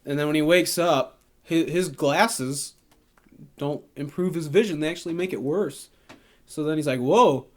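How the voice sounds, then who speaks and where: Speaking at a moderate pace in a fairly high-pitched voice, a man co-hosts a laid-back podcast recapping a film. His retelling rambles, and he performs the scenes in goofy, put-on voices.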